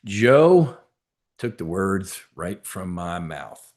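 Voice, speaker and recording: A man's voice: low-pitched, very animated, very slow, a little mellow. Rambling, emphatic man hosting a live webinar. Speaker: webinar host. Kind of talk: casual live webinar talk.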